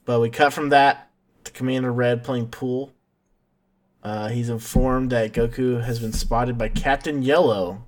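A man's voice: mid-range voice, steady tone, measured pace. A man hosting a podcast, recapping an episode in a casual, jokey way and calling his cohosts by name. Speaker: podcast host.

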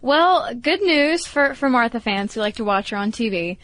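A woman co-host with a lively, swooping voice, teasing and a little cynical as she chats. The sound is dry and close, with no room around her. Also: on the high side, normal speed, no room sound. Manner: playful, teasing, self-described cynic. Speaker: podcast co-host. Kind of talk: casual chat.

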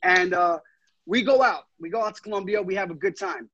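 Podcast co-host, young man, high husky voice, animated storyteller, close dry sound. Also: fairly quick, no room sound, muffled recording. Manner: animated, laughs through his story, swears often. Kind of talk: casual chat, storytelling.

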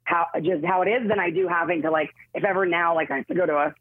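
A woman actress in a casual interview, telling stories in a rambling, self-interrupting, animated way with a husky voice. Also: lowish voice, quick pace, dry recording. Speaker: actress guest. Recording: tinny phone-like line, dry.

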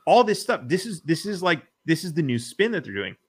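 A man's voice: fairly high pitch, very animated, brisk, husky. A man hosting a casual political podcast, rambling and swearing, with lots of fillers and restarts. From United States. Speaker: podcast host.

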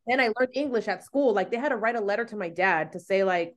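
A woman's voice: medium pitch, expressive, quick pace, heavy background noise. A woman podcast host, raised in the United States with Spanish as her first language, talking in a chatty way full of likes and you-knows. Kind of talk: casual chat.

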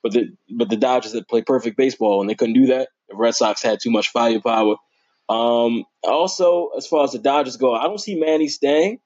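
A young man talks sports in a loose, slangy way, his voice shooting up high whenever he gets worked up. His voice has a slightly husky edge. The recording sounds dull and lo-fi. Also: a little fast. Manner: animated, voice jumps high when excited; informal, slangy and playful. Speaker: sports podcast host. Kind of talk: casual sports talk.

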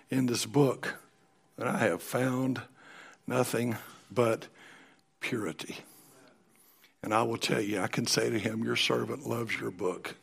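Middle-aged man as pastor, gravelly and a bit husky, folksy and emphatic. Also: mid-range voice. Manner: folksy, emphatic preaching with sudden soft drops. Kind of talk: sermon.

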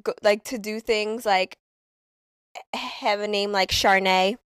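A woman talking casually on a podcast in an animated, slangy way, laughing and telling stories. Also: mid-range voice, unhurried, smooth, no echo. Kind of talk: casual conversation.

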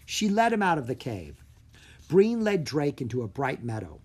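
A narrator reading a children's audiobook with expressive storytelling. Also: mid-range voice, normal speed, breathy edge.

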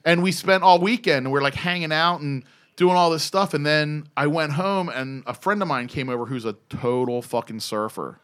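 Animated, swearing male storyteller. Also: on the high side, normal speed, clean tone. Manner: animated, profane, rambling with fillers. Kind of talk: casual storytelling chat.

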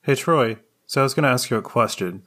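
A man co-hosting a casual podcast chat, talking in a relaxed, rambling way with lots of fillers. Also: medium pitch, fast talker. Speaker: podcast co-host.

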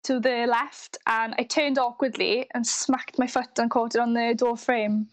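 A young woman with a strong Welsh accent talks as a guest in a live online interview. Her voice sits a little high, and she chats freely, restarting words and laughing often. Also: steady tone, unhurried. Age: 20s. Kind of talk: casual interview. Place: live online video call.

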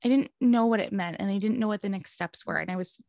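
A woman's voice: mid-range voice, fast, creaky, a little mellow, dry recording, studio quality. Earnest woman telling a personal story. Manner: earnest, rambling, laughs while telling. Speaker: podcast guest.

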